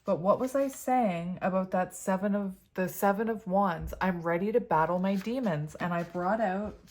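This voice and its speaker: A woman's voice: medium pitch, moderate pace, a little mellow. A woman reading tarot cards to her viewers in a casual, chatty way, often laughing as she reads the card messages aloud. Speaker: tarot reader.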